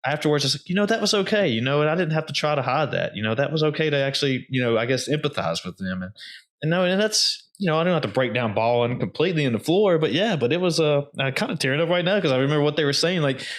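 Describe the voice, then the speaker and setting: A man's voice: a little high, sing-song, fast talker. A man hosting a podcast, chatting casually and saying "dude" and "man". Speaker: podcast host.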